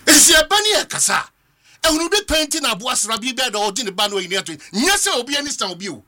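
A Ghanaian man delivers fervent talk-show commentary in a strikingly high, very bright voice. His pitch leaps and dips as he argues, and he drives each point home by repeating it. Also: sing-song, fast talker. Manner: fervent, rhetorical, repeats phrases for emphasis. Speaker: political commentator.

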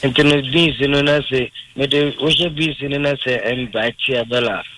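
A man's voice: mid-range voice, fairly even intonation, normal speed, pushed and bright, slight background noise, low-quality recording. A man with a Ghanaian accent calling into a radio show, emphatic and repeatedly addressing the host by name. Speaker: radio caller. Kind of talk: phone-in chat.

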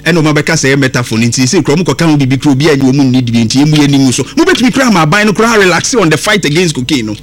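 Impassioned Ghanaian radio host, high and lively. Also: male voice, rapid-fire, hardly any pauses. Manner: impassioned, switching between English and Twi. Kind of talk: radio commentary.

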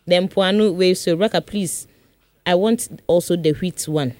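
A woman radio host with a Ghanaian English accent, joking with her co-host and reading sponsor messages in a lively, teasing way. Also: fairly low pitch, dry recording. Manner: teasing, jokey, reads numbers and ads briskly. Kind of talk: playful radio chat and sponsor reads. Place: radio studio.

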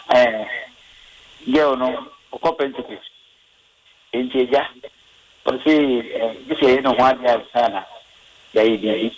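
A man calling in to a radio show and telling a story in an expressive way. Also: poor audio. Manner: storytelling with swooping, expressive pitch. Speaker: caller. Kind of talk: call-in radio chat.

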